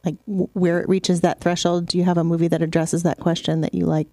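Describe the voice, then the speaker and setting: A woman's voice: fairly low pitch, level tone, fast talker, warm tone, dry recording. A woman co-hosting a casual chat, asking curious questions. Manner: inquisitive. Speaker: podcast co-host.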